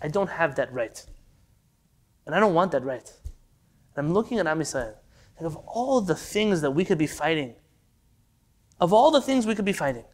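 Teaching Torah with fervor, a man whose voice sits high moves back and forth between loud questions posed for effect and quiet, urgent entreaties.

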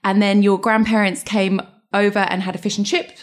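A woman hosting a podcast, asking curious and enthusiastic questions in a relaxed chat in a home kitchen. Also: medium pitch, a little fast. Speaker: podcast host. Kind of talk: casual interview.

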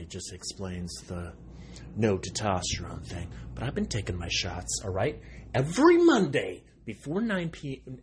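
A man in his thirties in a rambling comic monologue, excitable and sarcastic, with a tone he calls aggressive. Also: slight background noise. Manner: excitable, sarcastic, jumping pitch swings; self-described aggressive tone.

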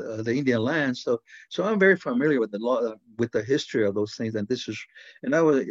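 A man's voice: mid-range voice, a little mellow, no echo. Older American man, interviewee, blunt and rambling with restarts; dry, slightly muffled recording. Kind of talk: casual talk.

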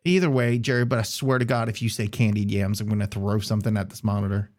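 A man's voice: on the low side, steady tone, brisk, a little mellow. A young man co-hosting a casual sports podcast who teases and gives his opinions bluntly. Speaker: podcast co-host.

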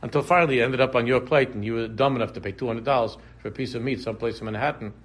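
A man's voice: mid-range voice, fairly even intonation, racing, slightly rough. A man teaching a casual religious class, talking conversationally, repeating phrases and drifting into humorous examples. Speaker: Torah teacher.

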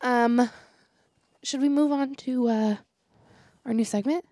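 A woman's voice: fairly high pitch, fairly even intonation, takes it slowly, mellow, no echo, studio quality. A young woman co-hosting a casual podcast, telling stories and acting out quotes with frequent laughter. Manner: chatty storyteller, acts out quotes, laughs often. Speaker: podcast co-host and teacher.

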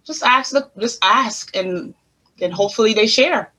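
A middle-aged woman with a Virgin Islands Caribbean accent speaks as an interview guest. Her voice is bright and forward with a husky edge. She tells her stories animatedly. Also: a little high, normal speed, poor audio. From St. Thomas, U.S. Virgin Islands. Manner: animated storyteller acting out quoted questions. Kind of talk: conversational interview.

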